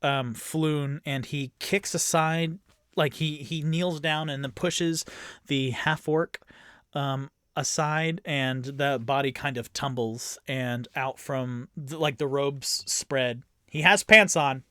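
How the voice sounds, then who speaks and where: A man's voice: medium pitch, steady tone, takes it slowly, fairly bright tone, clear, resonant tone, no echo, studio quality. A man narrating a tabletop game alone as game master and player, rambling with many fillers and bursting into groans of dread. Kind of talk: solo tabletop actual-play narration.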